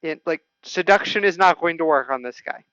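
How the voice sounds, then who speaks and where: A man's voice: fairly high pitch, a little fast, a bit bright, clean tone, no echo, lo-fi sound. A man running a tabletop game as game master, often stumbling and repeating words.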